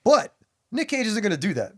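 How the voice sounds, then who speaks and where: A man's voice: sits high, huge pitch swings, a little fast. A man co-hosting a casual podcast, recapping a movie plot and swearing freely. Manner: swearing, acting out scenes in quotes. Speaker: podcast co-host.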